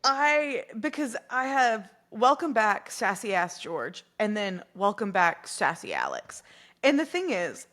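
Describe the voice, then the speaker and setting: A woman's voice: medium pitch, big pitch swings, a little slow, fairly bright tone. A woman co-hosting a casual podcast, giggly and rambling with many fillers. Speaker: podcast co-host. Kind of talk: casual chat.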